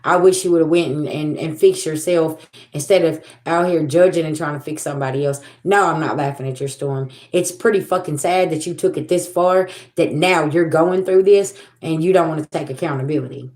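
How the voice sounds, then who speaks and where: A woman's voice: low voice, fairly quick, darkish tone, reverberant. A woman giving a livestream spiritual reading, talking bluntly and profanely, repeating herself as she scolds. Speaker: tarot reader.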